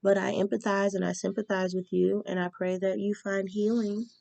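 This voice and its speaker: A woman's voice: mid-range voice, flat delivery, moderate pace, gravelly, a little mellow. A woman giving a casual tarot reading, chatty and reading spell instructions aloud with frequent ums. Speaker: tarot reader.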